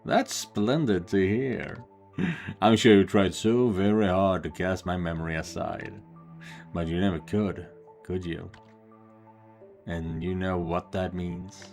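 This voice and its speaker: A man reading a cruel, mocking lord from a game, slow and gloating. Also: low-pitched, fairly even intonation, darkish tone, faint music behind. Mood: gloating cruelty. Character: cruel sneering male lord, mocking and sadistic.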